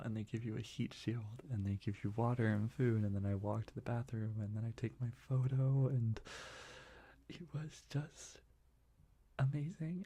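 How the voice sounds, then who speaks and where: A young man talking in a soft, rambling ASMR whisper, full of restarts, as he shares life updates. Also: mid-range voice, vocal fry, slightly rough. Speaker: ASMR creator.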